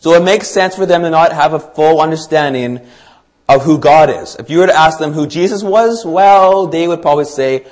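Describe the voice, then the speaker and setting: A man's voice: on the high side, moderate pace, a little mellow. A man preaching a sermon to his congregation, talking in a conversational way with fillers and small restarts. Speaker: pastor.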